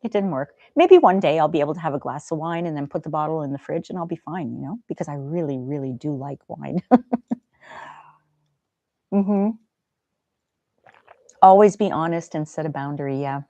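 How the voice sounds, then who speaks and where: A middle-aged woman hosting a casual live stream, chatting gently and reading viewer comments aloud. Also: low voice, moderate pace, pauses often, no room sound, dull audio.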